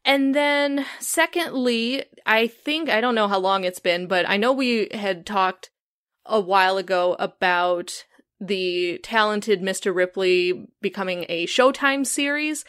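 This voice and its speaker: A woman's voice: mid-range voice, a bit bright, smooth. A woman hosting a podcast in casual chat, chatty and enthusiastic, often restarting her sentences. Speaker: podcast host.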